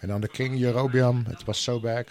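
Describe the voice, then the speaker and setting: Unhurried preacher with a mid-pitched voice. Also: male voice, level tone, a little mellow. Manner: unhurried, with frequent "you know" and restarts. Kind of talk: sermon with scripture reading.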